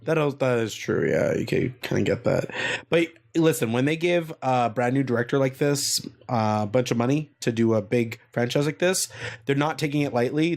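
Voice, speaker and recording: A man hosting a casual podcast, swearing freely and riffing in an animated, jokey way. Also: medium pitch. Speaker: podcast host.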